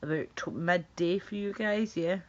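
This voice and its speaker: A woman's voice: on the low side, normal speed. A Scottish woman chatting casually with her stream viewers, swearing and laughing as she talks. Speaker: livestreamer. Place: at home. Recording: dull lo-fi stream audio.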